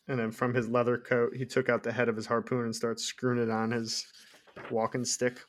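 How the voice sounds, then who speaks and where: A man with an ordinary mid-range voice talks through a novel with friends in a relaxed podcast chat. He drifts between easy commentary and reading passages aloud, breaking off now and then to laugh. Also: medium pitch, fairly quick. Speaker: podcast co-host. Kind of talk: casual book club chat.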